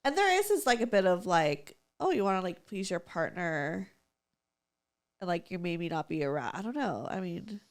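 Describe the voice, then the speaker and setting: A woman's voice: fairly low pitch, big pitch swings, moderate pace. A woman podcast host chatting casually, mostly giving short supportive responses. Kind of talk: casual chat.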